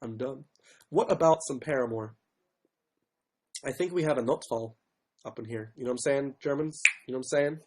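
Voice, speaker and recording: A man hosting a casual livestream, with a sore throat and frequent throat clearing, who mocks himself and keeps apologizing and giving up on songs. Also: mid-range voice, normal speed, pauses often, a little mellow. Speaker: livestream host. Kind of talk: casual livestream chat with ukulele. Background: faint ukulele strumming.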